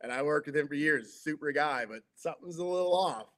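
A man's voice: a little high, fairly quick. A middle-aged man, a sports broadcaster, telling locker-room stories in a casual chat, acting out the quotes and using lots of filler words. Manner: lively storyteller acting out quotes, many "like" fillers. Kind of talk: casual anecdotal storytelling.

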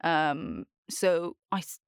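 A young woman with a soft Scottish accent chatting casually as a podcast host, rambling, candid and freely swearing. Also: deep voice, big pitch swings, very slow, smooth, no room sound, clean studio sound. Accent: soft Scottish, Edinburgh-like. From born in Australia, raised between Scotland and Australia. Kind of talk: casual chat.

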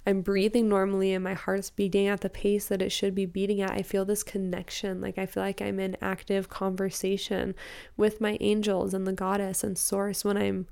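A woman's voice: mid-range voice, monotone, moderate pace, vocal fry, darkish tone, clear, resonant tone. A young woman from Utah, a podcast guest talking earnestly and emotionally about prayer and spirituality. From Salt Lake City, Utah. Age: young adult. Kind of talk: casual spiritual interview talk.

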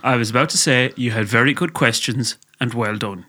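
A man's voice: medium pitch, brisk, pushed and bright. A man from Ireland hosting a casual podcast, leading the talk and teasing his co-host.

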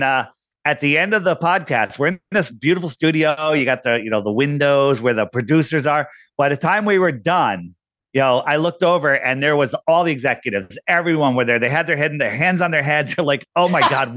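A man's voice: on the high side, animated, brisk, fairly bright tone, dry recording, clean studio sound. A middle-aged man talking casually as a podcast guest, telling stories and acting out quoted voices. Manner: storytelling, acts out quoted voices. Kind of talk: casual conversation.

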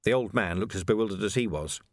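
A man narrating a novel in an expressive, animated storytelling way. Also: lowish voice, fast talker, dry recording, clean studio sound. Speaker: audiobook narrator. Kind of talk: scripted narration.

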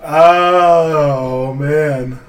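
A young male co-host who hesitates and laughs while avoiding an answer. His voice sits a little high, with faint noise in the background. The recording has a casual home feel. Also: drawn-out words, distant mic. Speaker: podcast co-host. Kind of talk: casual chat.

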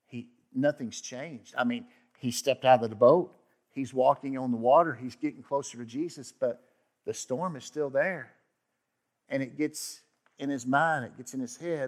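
A man preaching a sermon as pastor, talking conversationally, swinging from loud emphasis to hushed asides and acting out quoted voices. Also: medium pitch, fairly even intonation, unhurried, long pauses. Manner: acts out quoted voices with sudden outbursts.

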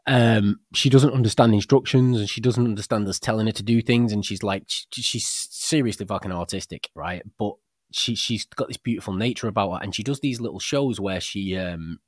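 A man, co-hosting a casual podcast and telling animated stories with plenty of swearing and restarts. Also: fairly low pitch, brisk, dry recording, clean studio sound. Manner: animated storyteller, swears freely, many restarts. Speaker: podcast co-host.

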